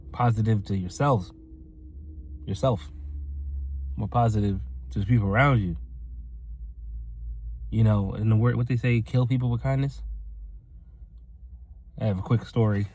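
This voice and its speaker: A man giving a rambling, earnest motivational talk to his viewers, acting out other people's voices as he tells a story. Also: lowish voice. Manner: rambling, earnest, addresses "ladies and gentlemen"; acts out quoted voices in his stories. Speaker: motivational vlogger.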